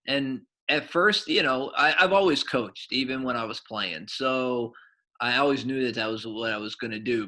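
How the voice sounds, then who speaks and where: A middle-aged man, a soccer coach and former goalkeeper, telling stories to kids in a rambling, animated way with lots of fillers. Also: medium pitch. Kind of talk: casual storytelling to kids.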